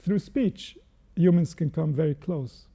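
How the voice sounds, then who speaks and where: Gravelly high-voiced man teaching slowly. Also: warm tone. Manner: measured, reflective explanation with pauses and Hebrew terms. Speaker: Jewish spiritual teacher. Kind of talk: unscripted spiritual teaching.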